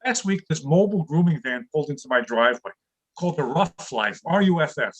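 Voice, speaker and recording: An older man performs a stand-up comedy set over a video call, his voice sitting high. He lands deadpan one-liners about home life, each building to a punchline. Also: a little fast, breathy edge, rough recording.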